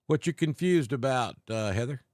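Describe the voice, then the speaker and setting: A man from Alabama with a Southern accent tinged with north Georgia mountain talk, hosting a live weather stream in a folksy, unhurried way and greeting viewers by name. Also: mid-range voice, expressive, darkish tone, no echo, studio quality. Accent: Southern US, Alabama with north Georgia mountain mix. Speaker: weather livestream host.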